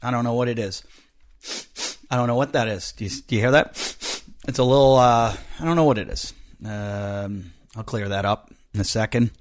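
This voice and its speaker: Stuffy-nosed rambling comedian host. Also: male voice, mid-range voice, moderate pace. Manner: rambling, joking, swings from loud to muttered asides. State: stuffy nose, a bit snotty. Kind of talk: casual podcast monologue.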